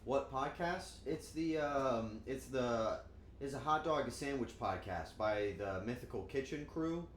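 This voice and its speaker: Guy streaming while cooking at home, lively jokey voice swinging up and down, echoey room. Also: medium pitch, unhurried, slight background noise. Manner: playful, joking with chat, animated outbursts. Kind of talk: casual cooking stream chat. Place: home kitchen. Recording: echoey room, faint ambience.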